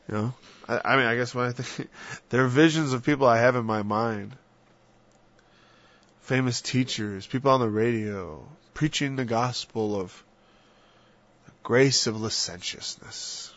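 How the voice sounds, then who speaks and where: A man giving an informal sermon in an animated way. He mocks imagined sinners in exaggerated voices and sometimes drops to a whisper. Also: medium pitch, moderate pace, no room sound. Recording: dull lo-fi dry recording.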